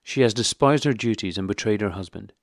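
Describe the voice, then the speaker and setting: A low-voiced male reader as a cold, formal, wounded husband, measured and dry. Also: dry recording, close to an everyday voice. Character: cold, stiff, wounded middle-aged husband.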